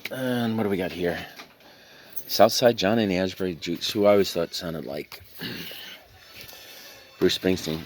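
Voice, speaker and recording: A man casually talking through a pile of records he is reselling, reading out album titles and dropping deadpan jokes as he goes. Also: sits low, slow pace, long pauses, soft background music. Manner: rambling, reads out album titles with deadpan joking asides. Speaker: reseller showing a record haul. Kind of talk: casual vlog commentary.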